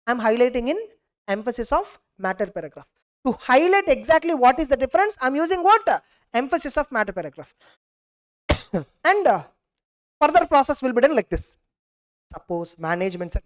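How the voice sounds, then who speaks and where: A young female teacher, her voice a little high and her pace quick, delivers an animated exam revision lecture. She acts out both sides of each case and checks in with her class by asking "clear?"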